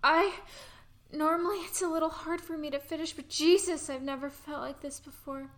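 A young woman performing an intimate audio role-play, breathy and pleading with soft giggles. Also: high voice, fairly even intonation, fast.

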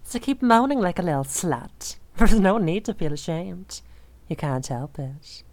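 A young woman voicing an obsessive, possessive dominant woman in an audio role-play, speaking in a soft, slow, teasing murmur. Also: fairly low pitch, sing-song, no room sound. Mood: possessive, crooning.

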